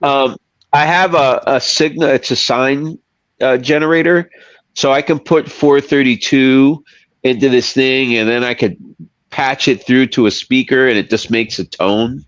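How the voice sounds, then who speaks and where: A man's voice: mid-range voice, steady tone, a little slow, a bit bright, no room sound, highs cut off. A man chatting casually on a podcast, rambling and laughing as he loses his thread.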